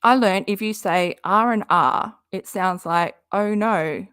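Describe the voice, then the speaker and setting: A woman's voice: mid-range voice, measured pace, fairly bright tone, clear, resonant tone, dry recording, clean studio sound. An Australian woman hosting a casual livestream, chatting with her viewers, laughing often and dropping local slang. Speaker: livestream host.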